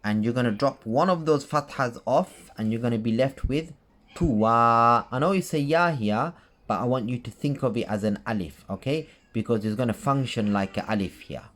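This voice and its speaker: A man explains recitation rules in a relaxed tutorial voice. He is patient and goes over each point more than once, checking in with his listener as he goes. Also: medium pitch, a little fast. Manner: patient, repeats points with frequent "okay?" and "right?" checks. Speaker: Quran recitation teacher.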